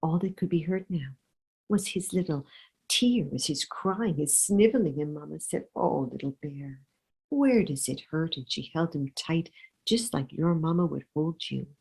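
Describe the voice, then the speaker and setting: A woman storyteller narrating a children's story with an expressive, drawn-out delivery. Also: deep voice, gravelly, husky, poor audio.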